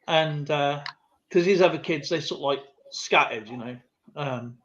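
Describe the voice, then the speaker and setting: A man's voice: on the high side, unhurried, a bit bright, a little hiss or hum. A man hosting a live stream, telling a rambling anecdote in a casual, chatty way with lots of fillers and asides. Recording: slightly muffled lo-fi stream audio.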